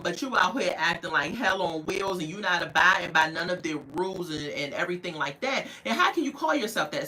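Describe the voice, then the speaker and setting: A woman's voice: on the low side, bright, forceful tone, rough recording. A woman recapping a reality TV episode in casual chat, telling it as a story and acting out the people she quotes with playful asides.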